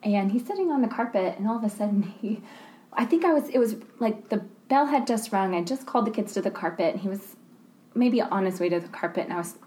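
A woman's voice: medium pitch, lively intonation, fast talker, mellow. A woman kindergarten teacher chatting casually on a podcast and telling a funny classroom story, laughing along. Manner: chatty, laughs into her stories.

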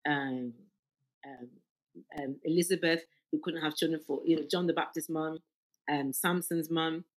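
A woman guest with a husky voice, telling her faith story in an interview with fervent, emphatic energy. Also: sits low, fairly even intonation, normal speed, rough recording. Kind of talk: faith testimony in podcast interview.

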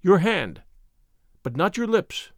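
A man's voice: high-pitched, sing-song, slow pace, dry recording, clean studio sound, heavily acted. A man doing a proud masked outlaw swordsman. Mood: gallant. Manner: commanding, scornful. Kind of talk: audiobook character voice.

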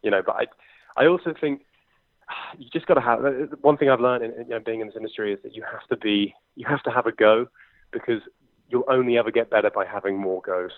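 A man's voice: mid-range voice, no room sound. Young London man on a tinny phone line. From England. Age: 20s. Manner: quick, chatty, lots of fillers. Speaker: impressionist and comedian. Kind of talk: conversational interview.

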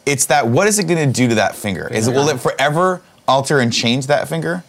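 A man in his thirties hosting a comedy show, talking at a brisk clip with a middle-pitched voice. He rambles through crude stories in loose banter with friends. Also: expressive, creaky. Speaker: host.

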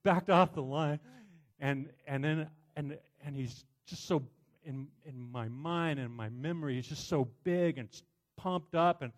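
Man preaching a sermon with a personal story. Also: medium pitch. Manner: storytelling, animated, many restarts. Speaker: pastor.

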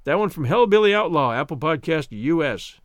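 A man's voice: fairly high pitch, sing-song, normal speed, no room sound, studio quality. A man hosting a podcast, giving a scripted sign-off with thanks to listeners in an upbeat announcer manner. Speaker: podcast host.

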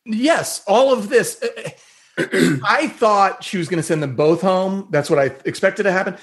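A man guest on a podcast, speaking in a halting, repetitive way. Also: high voice, a bit bright. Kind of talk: casual recap chat.

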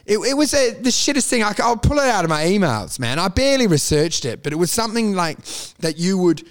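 Male co-host, raised in South Africa; high-pitched, loose and sweary storyteller. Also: sing-song, fast, smooth. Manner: rambling, profane anecdotes with frequent laughter. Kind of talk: casual chat.

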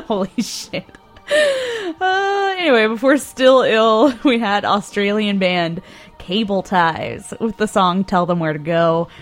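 A woman's voice: medium pitch, animated, slow pace, faint music behind. A young woman co-hosting a casual college-style radio show, laid-back, swearing and laughing as she backs-announces songs.

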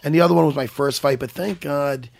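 A man hosting a podcast as a former fighter, in casual chat that is loud, profane and teasing. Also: fairly high pitch, fast talker, creaky.

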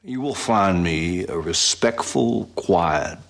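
An actor playing a courtly, unhurried Southern gentleman detective in a film, with an old-fashioned non-rhotic Southern US accent and a husky drawl. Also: low-pitched, animated, crowd noise, exaggerated voice. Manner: slow, drawn-out, courtly phrasing. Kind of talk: film dialogue.

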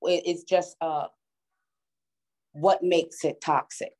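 A woman with a somewhat low voice talks in a relaxed conversational way. She drives home each point by repeating words with emphasis. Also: slow pace, rough recording. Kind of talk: casual chat.

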